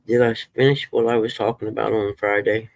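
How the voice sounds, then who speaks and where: A man's voice: lowish voice, creaky, no room sound. A man casually chatting with viewers on a live stream, folksy, and swearing when he gets fired up.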